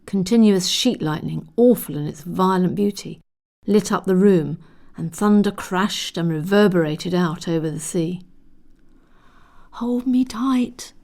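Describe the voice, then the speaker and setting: Woman reading an audiobook, warm dark tone, steady descriptive telling. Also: fairly low pitch, normal speed, gravelly. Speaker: audiobook narrator. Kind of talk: scripted narration.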